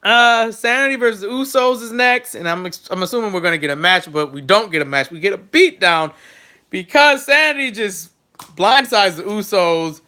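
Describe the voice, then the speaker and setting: A young man hosting a casual solo wrestling recap, chatty and excitable, with jokey fan asides. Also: high-pitched, normal speed.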